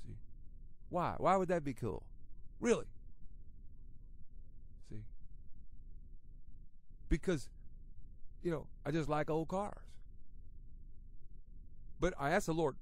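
A middle-aged man preaching a radio sermon, talking conversationally at times and at others building to loud, emphatic passages. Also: on the high side, expressive, slow, pauses often, no room sound.

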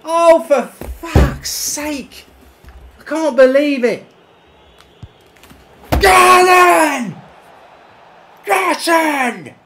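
A man rants and swears through live commentary on a football video game. His voice sits very high and strained, and he drags his words out slowly. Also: background noise. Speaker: football gaming streamer.

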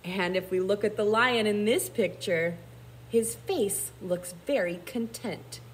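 A woman kindergarten teacher reading a picture book aloud, pausing to explain in a gentle, thinking-aloud way. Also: mid-range voice, a little hiss or hum.

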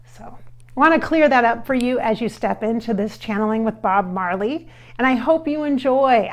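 Woman host, psychic medium, casual, rambling and self-mocking, voice a touch high. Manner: chatty, rambling, self-deprecating. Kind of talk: casual chat.

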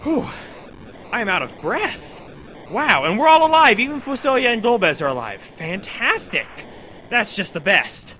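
A man giving excited commentary over a video game playthrough, cheering at the big moments and talking to the characters. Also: sits high, unhurried, a little hiss or hum. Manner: talks to himself and to the characters. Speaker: let's play host.

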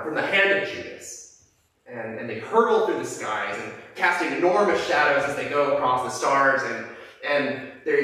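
A man's voice: medium pitch, sharp tone. A man preacher giving a sermon, telling a story with frequent fillers and restarts in a church sanctuary. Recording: echoey church from a distance.

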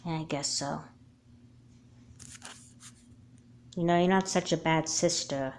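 A woman's voice: low-pitched, fairly even intonation, moderate pace, a little hiss or hum. A woman voicing earnest young girl Madison. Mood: musing. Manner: talks in long earnest explanations. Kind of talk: homemade doll movie acting.

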